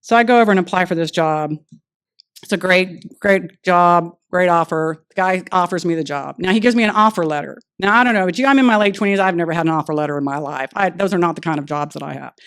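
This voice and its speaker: A woman speaking at a recovery meeting, telling her personal story in a lively way and acting out the dialogue she recalls. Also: fairly low pitch, quick pace, clear, resonant tone. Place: meeting room.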